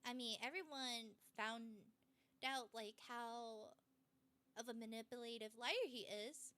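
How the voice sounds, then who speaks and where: High, bright-voiced woman streamer. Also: slow. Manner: animated, heated retelling with frequent fillers. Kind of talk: casual storytelling on a livestream.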